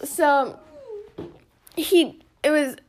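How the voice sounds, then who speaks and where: A young woman co-hosting a podcast, telling a story in an animated, giggly way and acting out the quotes, talking close into a phone. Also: high-pitched, very slow, a little hiss or hum. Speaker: podcast co-host. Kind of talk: casual storytelling chat. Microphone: phone held close.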